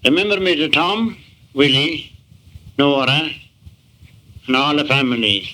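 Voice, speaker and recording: A man's voice: on the high side, lively intonation, a little slow, sharp tone, poor audio. A man recording a spoken message to his family, phrased formally like a letter.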